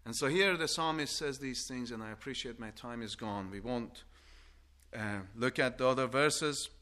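An older man preaching a sermon, earnest and halting at times, rising into forceful appeals with repeated questions. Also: medium pitch. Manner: halting restarts and stammers.

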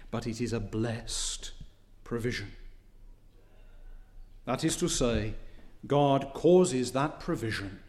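Slow, deliberate preacher man. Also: mid-range voice. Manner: slow, deliberate preaching with emphatic rises and quiet drops; reads scripture in old biblical wording. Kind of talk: sermon.

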